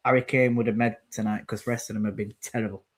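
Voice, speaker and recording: A man's voice: lowish voice, level tone, fast. A man co-hosting a football watchalong, calling out substitutions and grumbling about the play. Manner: rambling, calls out substitutions and plays. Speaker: co-host commentating on the match. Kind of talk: casual football watchalong chat.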